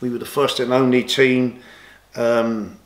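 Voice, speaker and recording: A man's voice: medium pitch, flat delivery, a little slow, echoey room. A man, an interview guest telling long rambling stories with many restarts, livening up when he quotes others. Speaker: interview guest, former boxer and golfer. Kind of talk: casual storytelling interview.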